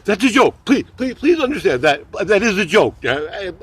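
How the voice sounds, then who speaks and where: A man's voice: high-pitched, big pitch swings, normal speed, slightly rough. A man doing a rambling comedy monologue, full of stammered restarts and jokey asides.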